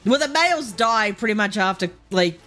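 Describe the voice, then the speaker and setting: A woman's voice: mid-range voice, lively intonation, moderate pace, pushed and bright. A young Australian woman chatting casually as a streamer while gaming, rambling, swearing freely and laughing often. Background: faint game music.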